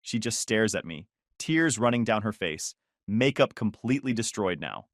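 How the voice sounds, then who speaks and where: A man's voice: fairly low pitch, lively intonation, moderate pace, no echo. A man narrating a first-person story in a dry, sardonic way.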